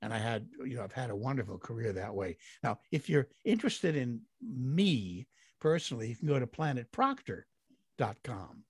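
A man's voice: mid-range voice, big pitch swings, moderate pace, husky, dry recording, studio quality. An older man, a guest actor, telling long rambling anecdotes in an interview with chuckles along the way. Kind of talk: storytelling in an interview.

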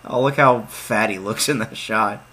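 A man giving casual let's play commentary, excitable, with loud outbursts and laughter. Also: on the low side, measured pace, breathy edge.

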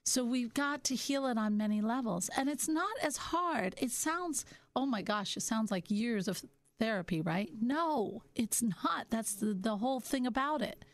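Self-help host, woman, middle-aged, gentle and musing delivery, a touch high, dry close sound. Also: expressive, dry recording. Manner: gentle, musing, slows down for key points. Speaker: podcast host. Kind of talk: reflective self-help talk.

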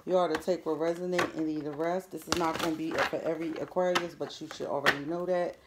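A woman's voice: low voice, steady tone, fast talker, heavy background noise. A woman doing a chatty, informal tarot reading, repeating her questions as she goes. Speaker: tarot reader.

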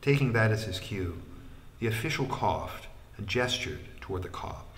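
A man narrating an audiobook in a measured way, trailing into a breathy hush at phrase ends. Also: fairly low pitch, animated, a little hiss or hum.

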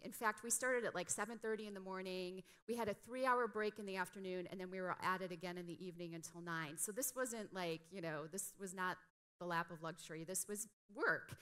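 A woman's voice: mid-range voice, pushed and bright. A middle-aged woman preaching a conversational sermon, telling a personal story in a chatty, self-deprecating way full of "like" and "you know". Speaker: guest preacher. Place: church sanctuary.

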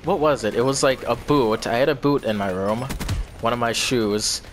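A man's voice: mid-range voice, moderate pace, slight background noise. Young man rambling through a story. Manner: rambling, swears often, repeats himself. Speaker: vlogger. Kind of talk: casual storytelling.

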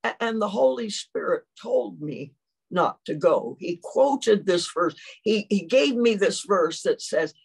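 A woman's voice: medium pitch, animated, measured pace, gravelly, husky. An older woman, preaching a sermon and telling a personal story with lots of acted-out quotes.

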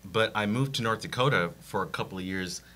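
A man's voice: on the low side, a little fast, pushed and bright. A man from San Diego, a guest on an interview show, talking about his career in an easygoing way. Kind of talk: casual interview.

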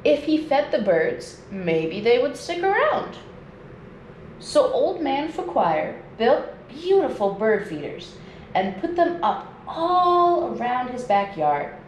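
A woman nature educator reads a children's picture book aloud, slowly and with lively swings in pitch. Her voice sits fairly high. The recording is echoey, with a faint hiss in the background. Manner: slow, expressive read-aloud. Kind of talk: storybook reading for children. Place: indoors at home. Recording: echoey room with faint noise.

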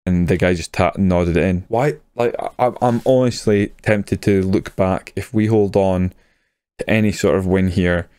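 A young male gaming YouTuber with a low voice and clean tone talks at a normal pace over his own football management game, with no room sound. He comments casually but gets excitable over goals and swears when one goes in.

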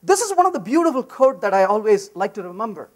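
A man giving a lively conference talk on programming, emphatic and full of anecdotes. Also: sits high, quick pace. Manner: animated, emphatic, storytelling. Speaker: conference speaker. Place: conference session room.

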